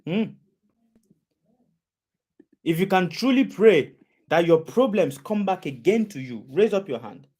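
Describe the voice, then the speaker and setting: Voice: medium pitch, lively intonation, measured pace, long pauses, dark tone, husky. A preacher delivering a sermon, repeating phrases and asking the audience questions again and again.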